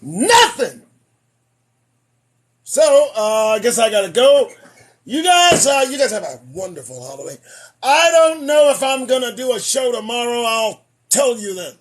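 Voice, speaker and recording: A man hosting a podcast, losing his voice, delivering an emphatic, preachy commentary monologue that swings between loud declarations and muttered asides. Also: very high-pitched, big pitch swings, measured pace. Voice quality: husky. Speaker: podcast host.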